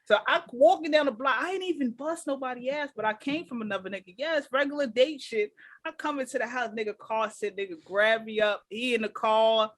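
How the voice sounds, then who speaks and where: A woman co-hosting a casual podcast chat, telling animated stories full of slang and swearing. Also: on the high side, brisk, no room sound. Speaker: podcast co-host.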